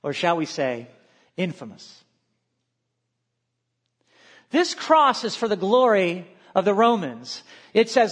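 Male pastor, high voice, sermon delivery with quiet asides. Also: slow, long pauses. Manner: expressive preaching, quotes scripture aloud, drops to quiet asides.

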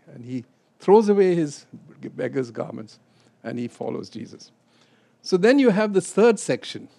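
A man with a fairly high voice teaches a Bible study group. He talks things through casually, then bursts into loud, animated retellings of the scripture scenes. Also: moderate pace, gravelly. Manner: animated, acts out scripture quotes with rising voice.

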